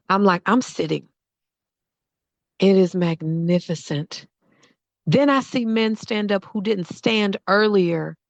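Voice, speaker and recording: A middle-aged woman host telling a story in a lively monologue, acting out the voices of the people in it. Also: mid-range voice, dry recording, muffled recording. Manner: animated, acts out quoted voices. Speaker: podcast host.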